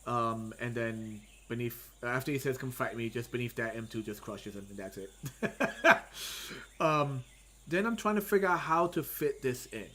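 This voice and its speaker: A man and comic artist giving casual livestream commentary, thinking aloud as he draws with frequent pauses and self-talk. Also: mid-range voice, a bit bright, a little hiss or hum. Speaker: comic artist streaming his drawing.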